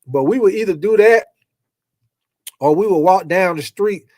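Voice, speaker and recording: A man hosting a casual sports livestream, reading viewer comments and talking football with loose, profane, animated chatter. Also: high voice, normal speed, no echo. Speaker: sports talk livestream host.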